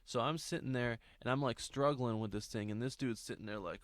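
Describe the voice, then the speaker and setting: A man's voice: mid-range voice, a little fast, hardly any pauses, dry recording, studio quality. A young man in his twenties, casually telling a story for a vlog, rambling with laughs, swearing and restarts.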